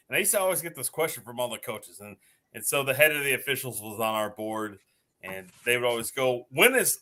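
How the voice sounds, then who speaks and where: A man hosting a casual live stream, chatting with co-hosts and telling lively stories with plenty of laughter. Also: medium pitch. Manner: animated storyteller, laughs often.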